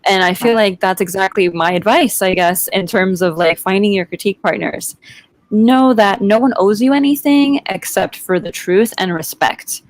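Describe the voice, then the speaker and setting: A woman's voice: mid-range voice, normal speed. A woman hosting a virtual author event, giving earnest advice in a casual, playful way. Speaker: host. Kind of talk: casual panel chat. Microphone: video call.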